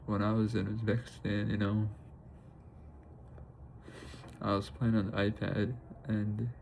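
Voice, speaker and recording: Tearful young man, low gravelly voice. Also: a little mellow, slight background noise, rough recording. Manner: halting, fills pauses with "you know" and "bro". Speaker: vlogger. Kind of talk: confessional vlog.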